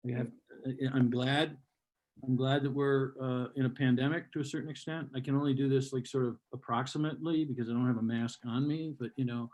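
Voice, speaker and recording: A man's voice: medium pitch, steady tone, brisk, darkish tone. An older man performing a stand-up comedy set, ranting in a sardonic, mock-hostile way, recorded live at a comedy show. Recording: live comedy club with audience.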